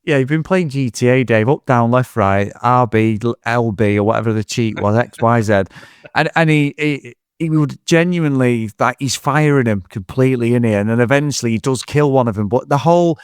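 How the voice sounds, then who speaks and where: A man's voice: medium pitch, fairly quick, smooth, no echo. A man on a podcast, talking loosely about a film he loves to mock, with plenty of swearing and little acted-out bits of dialogue. His voice sits in a middle range and sounds close and dry, with no room around it. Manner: swearing, animated, acts out scenes in quotes. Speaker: podcast co-host. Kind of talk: casual film review chat.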